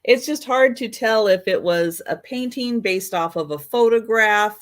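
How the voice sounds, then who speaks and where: Woman host, slow and gentle, runs a live photo auction. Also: mid-range voice. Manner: unhurried, gentle and kind. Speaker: host and seller of old photos. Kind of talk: live sale chat.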